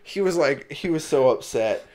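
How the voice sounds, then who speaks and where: A man's voice: fairly high pitch, animated, normal speed, a little mellow. A young man from Wisconsin, co-hosting a podcast and telling stories in casual chat, rambling with lots of "like" and swearing. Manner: rambling storyteller, lots of "like" and cursing. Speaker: podcast co-host.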